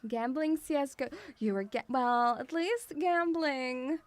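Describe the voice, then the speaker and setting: High-voiced, teasing British woman. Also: unhurried. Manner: teasing, mock-stern, calls the audience "sweetie". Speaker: streamer playing a teacher. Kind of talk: playful live-stream chat in a teacher role-play.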